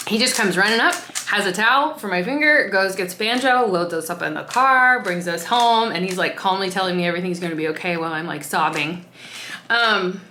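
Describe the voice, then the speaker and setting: A woman's voice: medium pitch, brisk, pushed and bright. A woman vlogger chatting casually and telling stories with lots of fillers. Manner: chatty storytelling with laughs and fillers. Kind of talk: casual chat. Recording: echoey room, faint noise.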